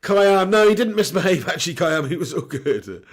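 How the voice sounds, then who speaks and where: A man's voice: sits high, expressive, normal speed. A young man hosting a live football watch-along, chatting and joking while he reads out viewers' comments. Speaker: live stream host.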